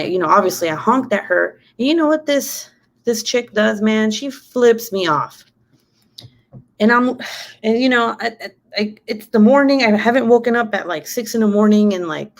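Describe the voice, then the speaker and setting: A woman vlogger chatting with her live audience, telling a story in a lively way, swearing freely and laughing as she goes. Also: mid-range voice. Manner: animated, swears freely, many fillers like "you know"; laughs often while talking. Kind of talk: casual storytelling chat.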